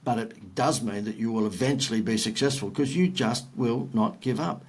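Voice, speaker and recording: A man's voice: mid-range voice, normal speed, slightly rough. An older Australian man, a podcast guest, telling rambling, self-deprecating business anecdotes. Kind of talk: podcast storytelling.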